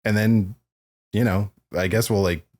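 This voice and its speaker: A man's voice: lowish voice, fairly even intonation, unhurried, darkish tone. A man co-hosting a podcast, chatting casually and rambling through stories about films, laughing often. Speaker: podcast co-host.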